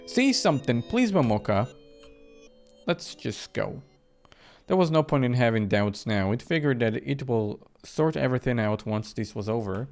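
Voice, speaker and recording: A man reading a visual novel aloud for a let's play, in a low, hesitant voice. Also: normal speed, gravelly, darkish tone, faint music behind.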